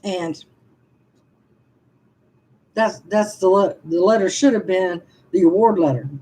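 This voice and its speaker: A woman's voice: fairly low pitch, takes it slowly, warm tone, slightly rough, poor audio. A woman, venting frankly to viewers on a casual livestream and answering their comments with laughing asides. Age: 60s. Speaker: livestream vlogger reading comments.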